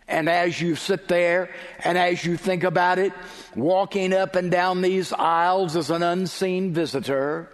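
A man preaching a sermon, telling a story with dramatic turns and dropping to a near whisper at times, in a church. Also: a little high. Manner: dramatic storytelling, drops to a hush. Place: church or chapel. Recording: long hall reverb.

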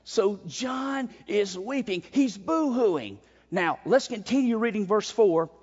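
High-voiced preacher in an echoing hall. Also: male voice, lively intonation, takes it slowly, slightly rough. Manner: emphatic, frequent repeated starts. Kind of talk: expository sermon. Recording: dull sound in a long-reverb hall.

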